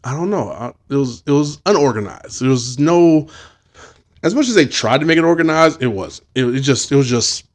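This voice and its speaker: A man's voice: mid-range voice, expressive, normal speed. A man in his thirties hosting a podcast, telling swear-filled stories in casual chat and acting out quoted voices. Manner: profane, storytelling, acts out voices. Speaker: podcast host.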